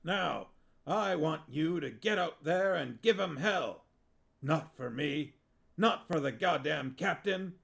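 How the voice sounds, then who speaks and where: A man voicing a bossy, theatrical dwarf who directs a stage play and barks orders like a drill sergeant, with a gravelly rasp. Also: fairly high pitch, animated, slow, a bit bright, voice pushed up, full character voice. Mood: rousing.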